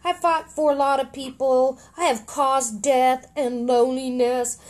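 A weary, mournful dragon warrior from a storybook, as read aloud by a woman. He speaks in a somber, dramatic tone. The voice is fairly high. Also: flat delivery, unhurried, darkish tone.

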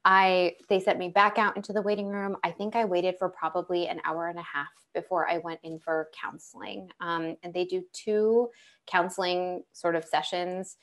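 A woman's voice: lowish voice, steady tone, moderate pace, fairly bright tone. A young adult woman telling her own story as a panel guest, speaking conversationally with many fillers and restarts. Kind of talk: conversational personal account.

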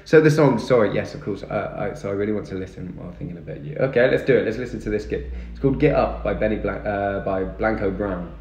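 This young livestreamer talks fast with hardly any pauses, his lowish voice gravelly and darkish in tone. He chats casually, thanks viewers, and responds to their comments from an echoey room with music in the background.

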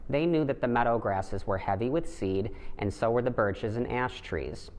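A man reading a children's picture book aloud in a gentle, steady storytelling manner, putting light voices on the animals. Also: medium pitch, normal speed. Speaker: storybook reader. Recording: long hall reverb.

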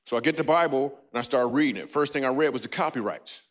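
A man doing a stand-up comedy set on a church stage, riffing playfully with a live audience. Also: quick pace. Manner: playful, riffing with the audience, breaks into squeaky and goofy voices.

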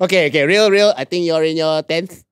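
A man with a Singaporean English accent hosts a podcast, bantering in a casual, teasing way. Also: fairly high pitch. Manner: teasing, quick back-and-forth. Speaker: podcast host.

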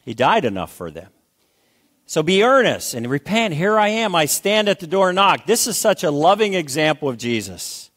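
An older man preaching a sermon as pastor, emphatic, repeating phrases and calling for amens. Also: mid-range voice.

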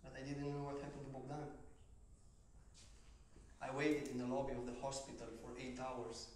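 A man with a Romanian accent telling his life story as a motivational speaker, slow and dramatic, rising to shouts at the peaks. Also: mid-range voice, level tone. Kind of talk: personal story speech. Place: large event hall on stage. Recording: echoey hall from far off, faint noise.

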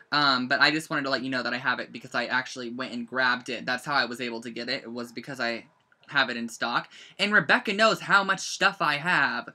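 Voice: mid-range voice, sharp tone. A teenager running a live-streamed scrapbooking demo from a bedroom at home, rambling and chatty with lots of "like". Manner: rambling and chatty, heavy use of "like". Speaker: scrapbooking instructor. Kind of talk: live-streamed craft demo, casual chat.

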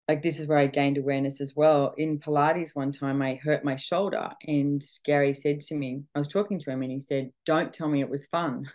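Middle-aged woman host from Australia, low pitch, chatty motivational talk, acts out her inner voice. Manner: chatty, animated, full of quoted self-talk. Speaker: podcast host.

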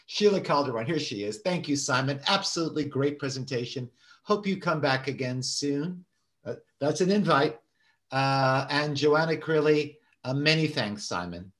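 A man's voice: fairly high pitch, lively intonation, fairly bright tone. A man hosting an online meeting, reading audience thank-yous aloud with frequent hesitations. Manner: halting, many "uh" fillers, apologetic. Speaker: meeting host.

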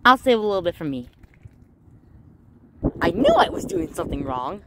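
A woman voicing Mario, a hot-tempered male plumber in a homemade plush toy skit, who mutters and bursts into yells. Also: mid-range voice, wildly swooping pitch, normal speed, vocal fry, slight background noise. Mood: muttering. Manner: exasperated, yelling outbursts, mutters to himself.

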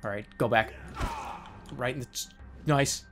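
A man's voice: medium pitch, a little slow, loud music behind the voice. A man in his thirties streaming a game, joking sarcastically with frustrated outbursts. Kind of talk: let's play commentary.

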